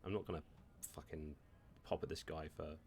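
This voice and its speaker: A man's voice: rumbling low, level tone, normal speed, darkish tone, slight background noise. A man hosting a gaming video, reading game dialogue aloud and making casual, crude asides as he plays.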